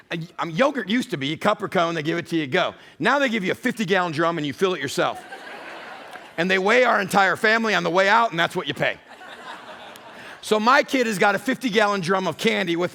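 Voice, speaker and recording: A man's voice: on the high side, vocal fry, sharp tone. A middle-aged man preaching a church sermon, full of humorous storytelling. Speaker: pastor.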